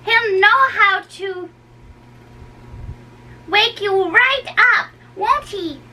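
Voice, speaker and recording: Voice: very high-pitched, drawn-out words, sharp tone, recorded from a distance, slight background noise, exaggerated voice. A young voice doing a teasing old nurse. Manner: bawdy and teasing, then wailing. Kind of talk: dramatic reading of a play.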